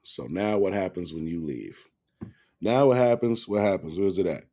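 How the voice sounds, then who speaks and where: A man's voice: low-pitched, expressive, a little fast, mellow. A man giving blunt, profane commentary to camera, rambling with restarts.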